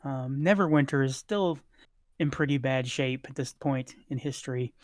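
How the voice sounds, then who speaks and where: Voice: mid-range voice, moderate pace, darkish tone, no echo, clean studio sound. A game master casually narrating a tabletop game with many fillers.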